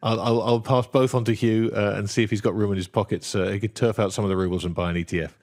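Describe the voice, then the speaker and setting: A man's voice: lowish voice, steady tone, fast, a little mellow. A man hosting an interview, reading out listener questions in a hesitant way with frequent ums and restarts. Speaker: host.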